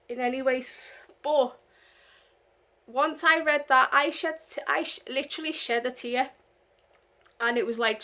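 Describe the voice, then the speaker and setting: A woman's voice: sits high, a bit bright. A young woman from the UK talking in a casual vlog, rambling and indignant as she tells her story. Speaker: vlogger.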